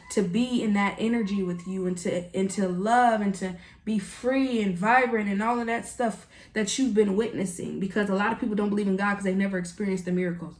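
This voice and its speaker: A woman giving an earnest, emotional tarot reading, speaking straight to the viewer in a casual way. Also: medium pitch. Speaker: tarot reader. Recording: echoey room.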